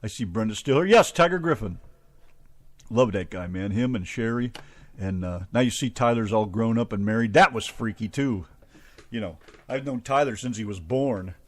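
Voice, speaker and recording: A man's voice: fairly low pitch, lively intonation, normal speed, no room sound. A man hosting a radio show in casual chat, laid-back and folksy, often calling listeners "man".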